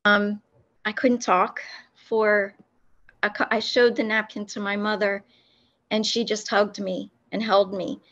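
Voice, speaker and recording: A woman recounting a personal faith experience in an interview, speaking earnestly with many pauses and restarts. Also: mid-range voice, lo-fi sound. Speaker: guest telling her faith testimony.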